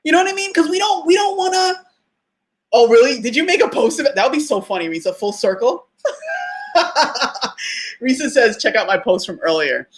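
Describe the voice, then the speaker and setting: A woman hosting a casual live talk for listeners, chatty and animated, laughing often and using fillers. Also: sits high, normal speed, long pauses. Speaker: podcast host.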